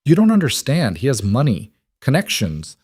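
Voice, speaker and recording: A man reading a storybook voicing a frightened young woman who fled a cruel man, in a soft, guarded, pleading way. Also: medium pitch, huge pitch swings, moderate pace, husky, pitched above the performer's own voice. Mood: fearful.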